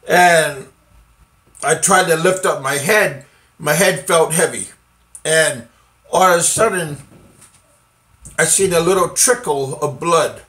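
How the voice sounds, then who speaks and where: A middle-aged man from the United States telling a personal story in a casual, halting way, with many fillers and restarts. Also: a little high, fairly bright tone.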